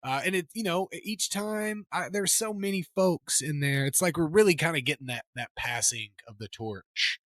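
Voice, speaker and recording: A man's voice: a little high, normal speed, hardly any pauses, a bit bright, no echo. A man co-hosting a sports podcast in casual chat, talking in an emphatic, rambling way with many restarts. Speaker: podcast co-host.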